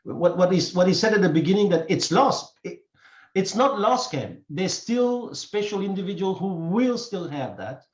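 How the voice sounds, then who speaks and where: A man hosting a casual podcast chat, speaking earnestly and haltingly, repeating words as he thinks, English not his first language. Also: high-pitched, sing-song. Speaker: podcast host. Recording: echoey, dull room sound.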